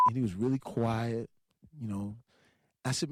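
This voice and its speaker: A man telling an animated anecdote, laughing often and acting out other people's voices as he goes. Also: medium pitch, moderate pace, pauses often, dry recording. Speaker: entertainer telling a story. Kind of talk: animated anecdote with acted-out quotes.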